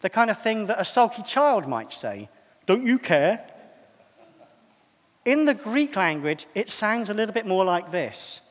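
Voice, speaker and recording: A man's voice: high-pitched, very animated, normal speed, hardly any pauses, a bit bright, long reverb tail. A man preaching a sermon in a conversational, self-deprecating way.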